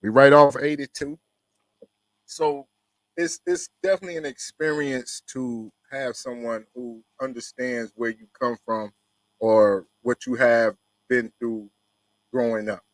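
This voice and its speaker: A man's voice: medium pitch, no echo, low-quality recording. A man, hosting a casual interview in a laid-back, rambling way full of fillers. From Mississippi Delta, USA. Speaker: host.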